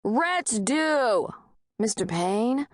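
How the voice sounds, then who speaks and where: A woman's voice: fairly high pitch, very animated, drawn-out words, no echo, studio quality, pitched above the performer's own voice, heavily acted. A woman voicing a nosy, bullying old male landlord with a thick rural Southern accent who hollers and mocks. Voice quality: hollering, mocking.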